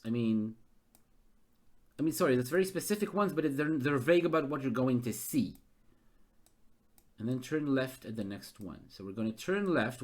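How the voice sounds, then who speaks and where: A man runs a gamebook live, thinking out loud as he maps the route. His voice swings widely in pitch around a middle register, and he gets excitable. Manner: thinks aloud, excitable and animated. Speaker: game master. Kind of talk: live-streamed gamebook narration.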